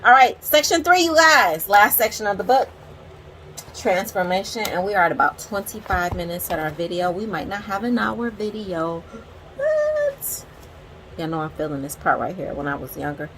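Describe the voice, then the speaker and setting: A woman's voice: medium pitch, brisk, fairly bright tone, slight background noise, poor audio. A woman in her forties, a teacher, casually reading quotes from a book aloud and breaking off into candid, chatty commentary to her viewers. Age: 40s.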